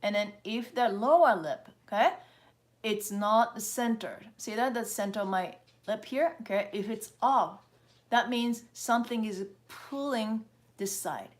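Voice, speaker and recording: A woman leads a live-streamed face exercise lesson in a fairly high voice. She coaches viewers through each step and often checks in with them. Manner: demonstrates and counts out steps slowly. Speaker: face yoga instructor.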